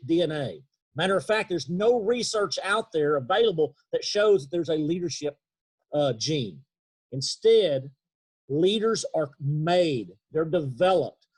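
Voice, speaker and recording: A man with an East Texas accent giving an earnest, emphatic leadership talk on a video call, slowing down for key points. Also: a little high, darkish tone, husky. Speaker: leadership speaker. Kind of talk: motivational webinar talk.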